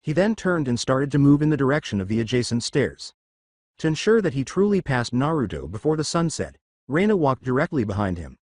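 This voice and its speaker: A man narrating a fan fiction story aloud in a steady reading manner. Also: medium pitch, fairly quick, no room sound.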